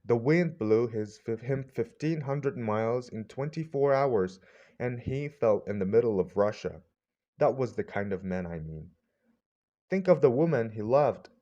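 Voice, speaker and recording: A man's voice: fairly low pitch, mellow. A man voicing a poised, idealistic young woman who talks in a coaxing, earnest way, in a slightly muffled storybook recording.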